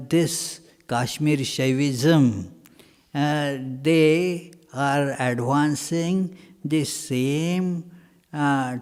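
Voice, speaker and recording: Male monk-teacher answering questions, unhurried and halting, full of fillers, reverberant hall sound. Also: a little high, darkish tone. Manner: halting, many pauses and fillers, emphatic repetition.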